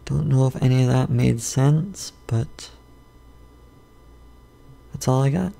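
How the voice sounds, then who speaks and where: Slow, gravelly man rambling casually. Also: medium pitch, warm tone. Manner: rambling, unhurried, self-correcting. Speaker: vlogger. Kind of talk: casual food review monologue.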